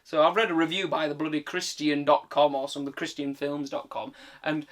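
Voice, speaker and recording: A man's voice: fairly high pitch, flat delivery, brisk, a bit bright. A British man giving a casual, exasperated film rant, full of swearing and filler words. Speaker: film reviewer. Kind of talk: casual ranting commentary.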